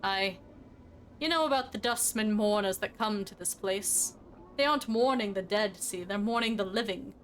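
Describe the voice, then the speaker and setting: A woman voicing a gruff, weary male gravedigger in a game, with a slow, resigned drawl. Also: mid-range voice, slight background noise, lightly acted.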